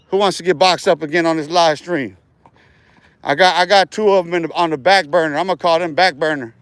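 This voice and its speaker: High-voiced man ranting on a livestream. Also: a little fast, fairly bright tone, clean tone, no room sound. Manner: rambling, profane, taunting, laughs often. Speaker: livestream host. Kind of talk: profane livestream rant.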